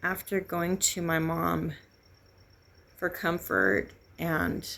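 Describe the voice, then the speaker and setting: A middle-aged woman telling a painful personal story in halting, grieving, raw speech. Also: fairly low pitch, sing-song, gravelly, fairly bright tone. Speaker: vlogger sharing a personal story. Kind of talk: candid personal testimony.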